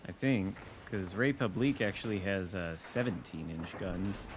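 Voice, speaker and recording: A man's voice: deep voice, animated, moderate pace, heavy background noise. A man streaming a naval battle game, chatting casually with dry, wry asides as he thinks aloud. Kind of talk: casual live gameplay commentary.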